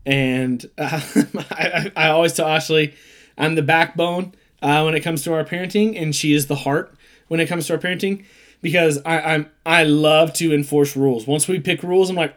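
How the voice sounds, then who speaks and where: A man's voice: on the high side, normal speed. A man in his thirties co-hosting a casual chat, telling stories and acting out the quotes with energy. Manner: animated storyteller who acts out quotes. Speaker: podcast co-host.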